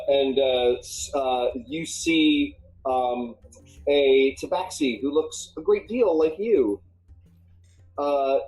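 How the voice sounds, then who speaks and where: Mellow, halting tabletop game master. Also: medium pitch, low-quality recording. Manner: halting narration full of ums and restarts.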